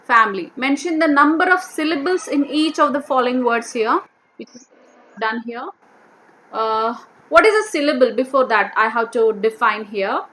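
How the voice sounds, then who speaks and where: A woman teacher going through a vocabulary worksheet, repeating each word and slowly sounding out its syllables. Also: on the high side, animated, a bit bright, a little hiss or hum. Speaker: English teacher.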